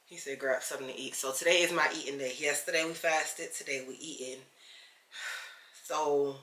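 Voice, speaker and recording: A woman chatting casually to camera at home, easygoing and talkative. Her voice is bright and forward. It bounces around a hard, echoey room. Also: low-pitched, steady tone, moderate pace. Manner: chatty and easygoing, calls the viewer "child". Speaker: lifestyle vlogger. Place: home, indoors.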